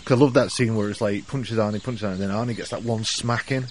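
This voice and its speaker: A man co-hosting a casual film podcast in a fairly low voice. He retells scenes in an animated, rambling way. Faint background noise sits under him. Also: fast talker. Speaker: podcast co-host.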